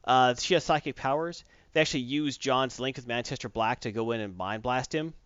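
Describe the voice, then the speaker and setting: A man's voice: medium pitch, a little fast, a bit bright, smooth, dry recording, muffled recording. A man in casual chat, recapping a comic book plot in a rambling way with many fillers and restarts.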